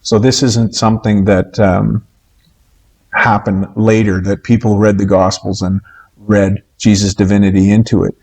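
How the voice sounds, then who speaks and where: A male Bible teacher lecturing slowly and deliberately. His voice sits a little low, and he pauses often with "uh" and "um" as he explains. His speech is even and methodical, like a recorded class. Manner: slow, measured, with frequent pauses and "uh" fillers.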